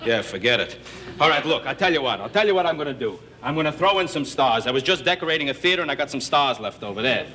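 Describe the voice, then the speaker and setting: An actor playing a pushy, fast-talking male merchant with a salesman's wheedling patter in a 1960s TV comedy sketch. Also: mid-range voice, animated, pushed and bright. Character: pushy, wisecracking male merchant haggling over goods. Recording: noisy 1960s broadcast audio.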